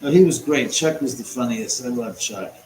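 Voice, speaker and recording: A man hosting a live stream from his home, chatting and rambling as he answers viewers' comments out loud. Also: mid-range voice, moderate pace. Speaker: host. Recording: roomy echo, faint background noise.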